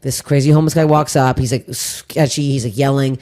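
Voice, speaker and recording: Fast-talking, foul-mouthed woman host. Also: a bass voice. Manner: profane, rapid, animated storytelling. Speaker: podcast host. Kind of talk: casual comedic chat and storytelling.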